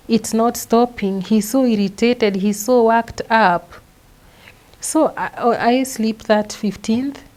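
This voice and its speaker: A young adult woman with a Kenyan accent, a guest recounting her own story in halting, step-by-step speech with frequent repeated words. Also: fairly high pitch, darkish tone, rough recording. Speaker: interview guest. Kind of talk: personal testimony.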